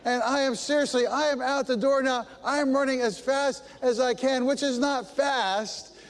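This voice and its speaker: A middle-aged man preaching a sermon, telling a story with animated, self-deprecating humor. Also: extremely high pitch, moderate pace, in a large hall. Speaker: pastor.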